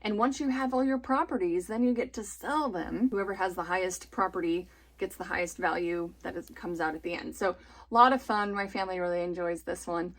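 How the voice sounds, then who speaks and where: Speaking a little fast in a lowish voice, this woman reviews family board games in a casual, chatty way. She's a homeschooling mom in her thirties who talks with enthusiasm and laughs a lot.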